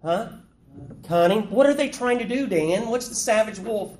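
A man with a somewhat high voice teaches a Bible study group in a casual, conversational way and keeps asking them questions. The room is echoey, with a faint hiss underneath. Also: animated, moderate pace, darkish tone.

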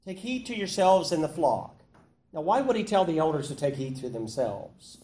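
A man's voice: a little high, very animated, normal speed, warm tone. A man leading an interactive Bible study, teaching conversationally and putting questions to the group. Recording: echoey room with faint noise.

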